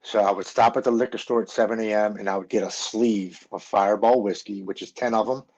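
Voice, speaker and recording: A man in his forties recounts his own story in an earnest, emotional way, stumbling and restarting as he goes. His voice sits fairly low. The recording sounds dull and lo-fi. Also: fairly even intonation, brisk, a little mellow. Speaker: guest telling his recovery story. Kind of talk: personal storytelling.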